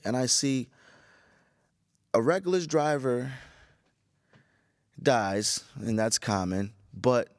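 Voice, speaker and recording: A tired, groggy man hosting a casual solo podcast, rambling with profanity and animated storytelling. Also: medium pitch, dry recording, clean studio sound. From Chicago area. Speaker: podcast host.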